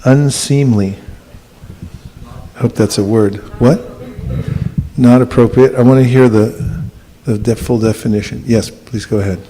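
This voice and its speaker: A man teaching a scripture class and taking questions, speaking in a measured way with gentle dry humor. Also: medium pitch, steady tone, low-quality recording. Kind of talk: class talk with audience questions.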